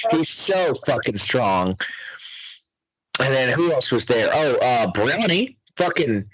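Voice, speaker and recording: An excitable young man with a husky, slightly breathy voice that swings widely up and down in pitch. He chats casually and swears a lot, recorded close and dry with no room sound. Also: takes it slowly, long pauses, no echo, rough recording. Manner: excitable, swears constantly, laughs often. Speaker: podcast co-host. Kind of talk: casual profane chat.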